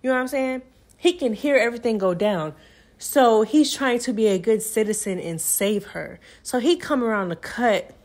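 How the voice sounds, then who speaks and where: A woman's voice: a little high, moderate pace. Chatty woman retelling a movie. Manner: chatty, animated storytelling with acted-out quotes. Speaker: movie recap YouTuber. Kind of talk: casual movie recap.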